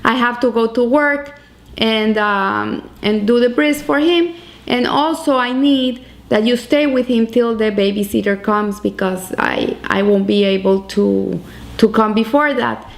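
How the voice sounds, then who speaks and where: A hurried young mother pushes her questions urgently and keeps insisting, voiced by a woman retelling the tale. The voice sits fairly high. It is part of a story told within a sermon. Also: creaky. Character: hurried young Israeli mother, frantic then pleading.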